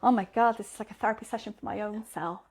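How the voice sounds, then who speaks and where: Woman, casual chat, animated storytelling, candid and lively. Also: mid-range voice, fast, vocal fry, husky. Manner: animated storyteller, acts out quoted voices.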